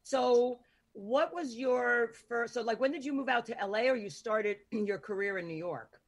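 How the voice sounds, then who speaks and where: A woman's voice: a little high, moderate pace, slightly rough. A woman hosting an interview podcast, chatty and rambling, with lots of filler words. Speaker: host. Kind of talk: casual interview chat.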